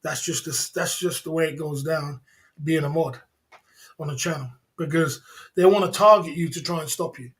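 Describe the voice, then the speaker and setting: A man's voice: fairly high pitch, normal speed. A man hosting a livestream, talking casually and emphatically, repeating himself and laughing often. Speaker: livestream host.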